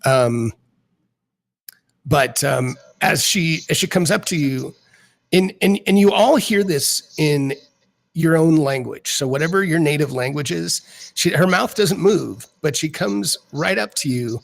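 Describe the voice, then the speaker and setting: A man narrating as dungeon master of a tabletop game in a rambling, halting way. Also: fairly high pitch, expressive, gravelly, low-quality recording.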